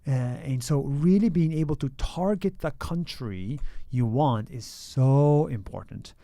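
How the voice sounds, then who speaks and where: A man's voice: a little high, a little slow, gravelly, dark tone, no room sound. A man in his thirties, a content creator being interviewed, explaining candidly with frequent "uh" and "so".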